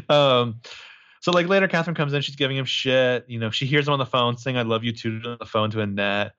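A man's voice: mid-range voice, moderate pace, pauses often, fairly bright tone, smooth. Joking man with a dull, lo-fi sound. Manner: crude, joking, rambling with many fillers. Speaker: podcast co-host. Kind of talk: casual movie recap chat.

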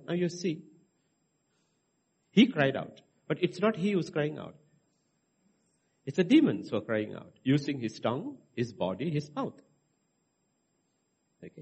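Husky-voiced male preacher, lively delivery. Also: medium pitch, a little slow, long pauses. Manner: emphatic, rising to stress points, frequent "okay" checks. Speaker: pastor. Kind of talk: sermon.

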